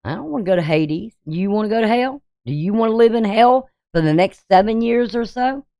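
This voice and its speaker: A woman's voice: mid-range voice, lively intonation, brisk, mellow, no echo, clean studio sound. A woman astrologer giving a forecast in an emphatic, preachy way, firing off rhetorical questions at her viewers. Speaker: astrologer and tarot reader.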